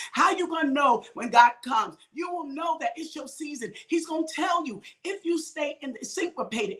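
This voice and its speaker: A woman minister preaches in call-and-response style, her high voice rising into sudden shouts. She stretches some phrases out slowly and tosses quick asides to listeners. Her tone is bright and piercing. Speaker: minister hosting a midday talk. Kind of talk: preaching to an online audience.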